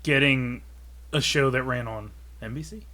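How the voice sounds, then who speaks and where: A man's voice: mid-range voice, moderate pace, pushed and bright. A man co-hosting a casual podcast chat, talking with hesitant restarts. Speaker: podcast co-host.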